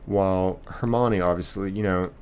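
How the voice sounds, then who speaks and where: A man's voice: deep voice, steady tone, moderate pace, darkish tone, slight background noise. A man streaming a game live, reading chat aloud and rambling casually with lots of fillers and restarts.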